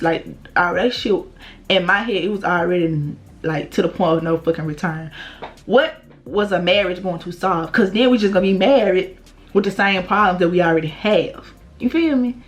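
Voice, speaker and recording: A young woman vlogger, telling a blunt, profane story in casual storytime style. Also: lowish voice.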